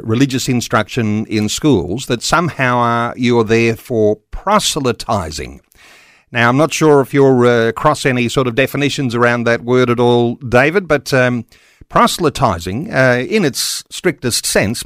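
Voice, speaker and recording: A man hosts a conversation, setting out his points in a measured way before asking his question. His voice is middle-pitched and sounds dry and close, with no room echo. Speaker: host. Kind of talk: casual radio chat.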